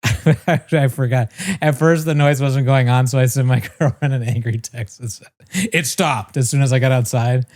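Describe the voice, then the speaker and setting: A man's voice: medium pitch, moderate pace. Man telling a story, swearing. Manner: animated storyteller, swears freely, mimics voices. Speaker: podcast co-host. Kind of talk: casual storytelling chat.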